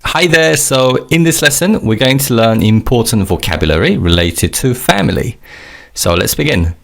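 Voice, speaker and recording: A man's voice: mid-range voice, lively intonation, normal speed, creaky, a bit bright. A man teaching a recorded language lesson, explaining words patiently and leading repeat-after-me drills.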